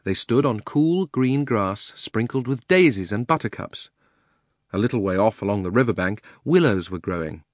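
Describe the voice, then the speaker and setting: A man narrating a children's fantasy audiobook in a measured, expressive storytelling manner. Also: on the low side, no echo, studio quality. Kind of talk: audiobook reading.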